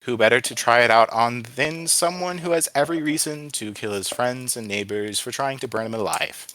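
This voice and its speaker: A man's voice: medium pitch, moderate pace, bright, forceful tone, dry recording, lightly acted. A man voicing a sly, ancient male wind spirit with a small voice, talking in a candid, wheedling way in a read-aloud story.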